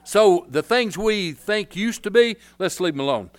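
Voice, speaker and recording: An older man preaching a folksy, rambling sermon as pastor, breaking into loud hollers. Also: high voice, animated, normal speed.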